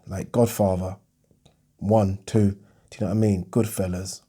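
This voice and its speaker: A man's voice: deep voice, level tone, moderate pace, long pauses, warm tone, slightly rough. A man answering viewer questions in a casual, chatty vlog, loose and rambling, often breaking off mid-sentence. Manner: chatty, loose, self-interrupting, swears.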